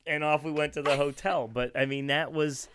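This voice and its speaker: A man's voice: fairly high pitch, steady tone, moderate pace, background noise. A middle-aged man telling a long rambling anecdote in casual chat, often restarting and laughing.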